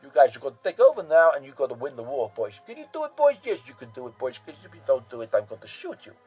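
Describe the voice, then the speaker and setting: A man's voice: mid-range voice, very animated, fast, slightly rough, muffled recording, soft background music. A man voicing a crude, panicking male dictator handing over command, in a blunt, profane, casual way.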